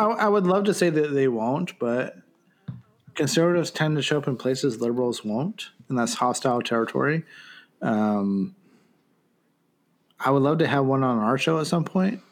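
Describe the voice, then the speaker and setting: Guy cohosting a podcast, blunt and sweary, trips over his words, middle-pitched. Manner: blunt, profane, halting. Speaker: podcast co-host. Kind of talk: casual political chat.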